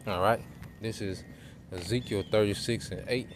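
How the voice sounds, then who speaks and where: A man giving an informal sermon, reading scripture verses aloud more slowly and tagging his points with "okay?" and "man". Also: on the low side, steady tone, background noise. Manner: punctuates with tag questions and "man". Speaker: preacher.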